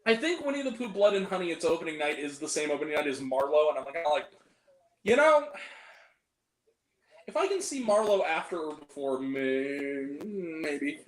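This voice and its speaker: A man's voice: on the high side, sing-song, quick pace, few pauses. A young man co-hosting a casual live movie chat, laughing often and slipping into goofy voices when he quotes people. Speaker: movie review co-host. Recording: echoey room.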